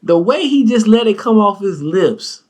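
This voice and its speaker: A man hosting a comedy show, telling a story with animated, squealing jumps of disbelief. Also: unhurried. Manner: animated, shrieking up into high disbelief. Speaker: comedy podcast host.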